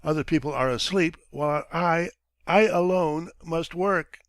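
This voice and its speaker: A self-pitying little writer moans and complains in a languid, put-upon way, as a man reading a story puts him on. The voice sits higher than a plain speaking voice and drags out its words with weary importance. The sound is dry and close. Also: measured pace, no echo, close to an everyday voice. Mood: languid moaning.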